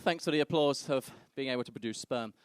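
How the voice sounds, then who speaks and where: On a comedy club stage, a young stand-up comedian brashly tells crude stories and acts out the voices of the people in them. His mid-range voice is smooth and quick, recorded with no room sound.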